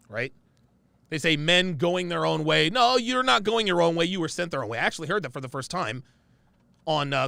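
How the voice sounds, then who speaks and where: A man's voice: a little high, creaky, pushed and bright, dry recording. A man hosting reaction commentary who talks emphatically and keeps checking in with "right?" and "okay?". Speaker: commentary host.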